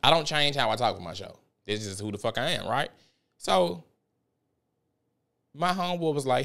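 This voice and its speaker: A young man from South Memphis with a Memphis Southern accent, hosting a podcast and telling stories in a loose, profane, animated way. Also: mid-range voice, moderate pace, gravelly, long pauses. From South Memphis, Tennessee. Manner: profane, animated storytelling with frequent laughs. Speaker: podcast host. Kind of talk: casual podcast monologue.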